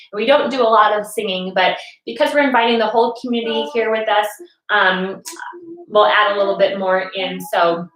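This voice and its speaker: A woman's voice: mid-range voice, fairly bright tone, roomy sound, low-quality recording. A woman leading a family yoga class from her couch at home, talking to children in a patient, encouraging way. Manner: patient, encouraging, speaks to kids.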